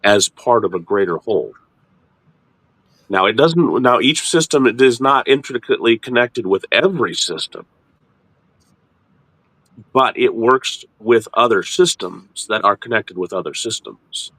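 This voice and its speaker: Animated middle-aged man, lively pitch. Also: a little slow, long pauses, no echo. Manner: animated, repeats and restarts words, jumps into high mock voices. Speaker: ministry host. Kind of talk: casual teaching chat.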